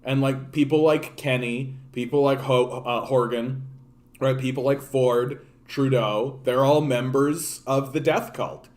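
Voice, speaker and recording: A man's voice: mid-range voice, a little slow. A man from Canada hosting a political livestream, ranting casually with profanity and many restarts. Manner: profane, animated, repeats and restarts words.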